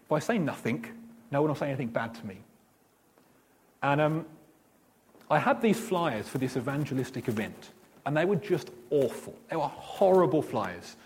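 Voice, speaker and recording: A man's voice: on the high side, normal speed, pauses often. A man preaching a sermon, telling stories and acting out the dialogue. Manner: animated storytelling, acts out dialogue.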